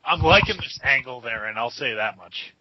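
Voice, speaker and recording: A man's voice: medium pitch, expressive, moderate pace, no echo. A man co-hosting a casual wrestling podcast, making brief plain remarks, on dull lo-fi audio. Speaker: podcast co-host.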